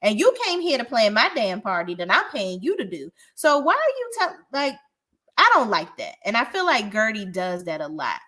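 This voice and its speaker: A woman's voice: medium pitch, sing-song, moderate pace, pushed and bright. A woman giving a casual, blunt and profane recap of a reality show, often restarting her sentences as she talks. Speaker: reality TV reviewer.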